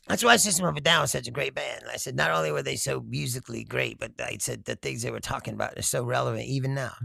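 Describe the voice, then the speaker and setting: A man's voice: medium pitch, quick pace, creaky, pushed and bright, no echo, clean studio sound. A man hosting a casual comedic political talk, rambling and profane, breaking into laughter often. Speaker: political commentary host.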